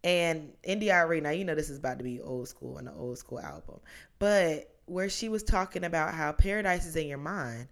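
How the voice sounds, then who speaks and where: A woman's voice: deep voice, fairly quick, vocal fry. A woman in her twenties hosting a podcast on her own, talking casually in a chatty, rambling way that drifts onto tangents. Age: 20s. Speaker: podcast host. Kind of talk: casual solo podcast monologue.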